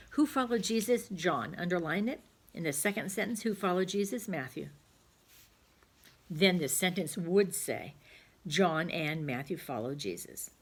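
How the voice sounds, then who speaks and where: A woman teaching a grammar lesson to young children, patient and encouraging, speaking slowly and clearly. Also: lowish voice.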